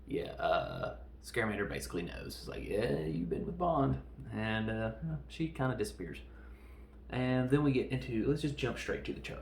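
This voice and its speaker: A man's voice: medium pitch, vocal fry, slight background noise. A man hosting a podcast, giving a casual, joking, self-deprecating film review. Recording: roomy echo.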